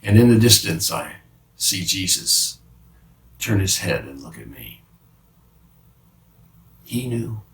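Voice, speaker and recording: A man playing the apostle Peter as a remorseful fisherman, confessing haltingly in a dramatic monologue with many restarts. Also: sits low, very animated, vocal fry, a bit bright, heavily acted. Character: remorseful male fisherman apostle, middle-aged, haunted by guilt. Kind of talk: dramatic first-person monologue. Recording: roomy sound from a distant mic.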